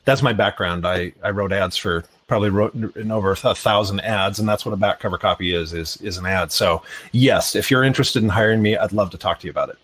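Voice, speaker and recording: A man's voice: on the low side, fast, a bit bright. A man co-hosting a live podcast, talking enthusiastically and reading listener comments aloud. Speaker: podcast co-host. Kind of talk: casual live podcast chat.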